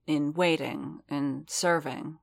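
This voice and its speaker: A woman narrating fiction in a measured, steady reading. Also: deep voice, gravelly.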